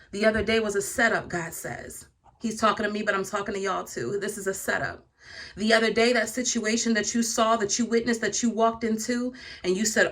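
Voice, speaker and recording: A woman's voice: a little high, fairly bright tone. A woman vlogger giving casual spiritual encouragement indoors, speaking straight to her viewers with a preachy, rhythmic delivery and frequent laughs. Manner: lists virtues in rhythmic runs. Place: indoor room.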